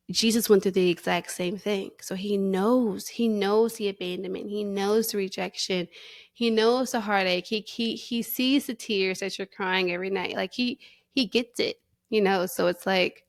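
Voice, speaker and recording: A woman hosting a faith podcast, speaking candidly and emotionally about her struggles, close to tears, with restarts and soft laughs. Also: mid-range voice, dry recording. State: near tears. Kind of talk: personal reflective monologue.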